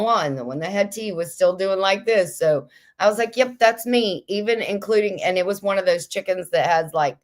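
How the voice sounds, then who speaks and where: Low-voiced chatty woman reading comments. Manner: chatty, kooky, laughs often. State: slightly stuffy with a headache. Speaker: livestream host reading viewer comments. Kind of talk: casual chat.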